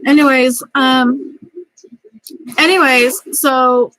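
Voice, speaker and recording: Middle-aged lady venting on her vlog, kinda high voice, choked up and angry, keeps restarting, dead dry sound. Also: fairly even intonation, slow, fairly bright tone, no echo, poor audio. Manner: rambling, angry and upset, restarts often. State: near tears. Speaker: vlogger. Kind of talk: story time vlog.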